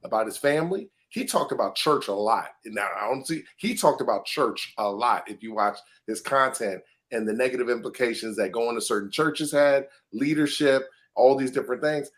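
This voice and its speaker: A man co-hosting a podcast in casual discussion, animated and emphatic, often breaking into laughter. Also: mid-range voice, normal speed, hardly any pauses. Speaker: podcast co-host.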